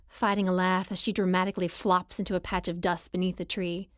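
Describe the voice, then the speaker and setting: A woman reading a first-person romance novel aloud as audiobook narrator, in a lively, expressive style. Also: fairly low pitch, a little fast, no echo, clean studio sound.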